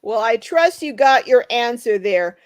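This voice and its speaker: Chatty high-voiced woman hosting a live stream. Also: lively intonation, a little slow, no echo, rough recording. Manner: chatty, greets viewers by name. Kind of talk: live stream chat, reading viewer comments.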